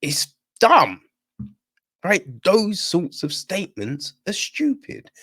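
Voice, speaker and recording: A man chatting loosely as a podcast film reviewer, blunt and ready to swear. He talks at an unhurried, drawn-out pace and keeps checking in with his listeners. He sounds a bit under the weather. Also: high-pitched, wildly swooping pitch, fairly bright tone, breathy edge. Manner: conversational, keeps asking "right?" and "you know what I mean?". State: feeling unwell. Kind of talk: casual chat.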